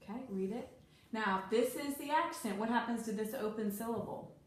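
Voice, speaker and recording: A woman giving a one-on-one reading lesson, brisk and corrective as she prompts a child. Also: a little high. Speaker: reading tutor. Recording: echoey room with faint noise.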